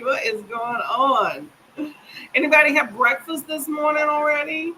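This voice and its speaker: A woman with a bright, fairly high voice hosts a laid-back live reading session from home. She chats easily with her viewers and reads their comments aloud. She calls them y'all. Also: animated, unhurried, a little hiss or hum. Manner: folksy, addresses viewers as y'all. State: briefly coughing and stuffy. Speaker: livestream reading-sprint host. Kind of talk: casual live chat with viewers. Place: at home near the kitchen.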